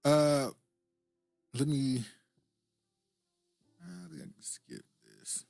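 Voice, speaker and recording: A man's voice: medium pitch, big pitch swings, very slow, creaky, darkish tone, no room sound, faint music behind. A man hosting a podcast, reacting casually to comments and clips and chuckling often. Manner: laid-back, chuckling, fillers. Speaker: podcast host.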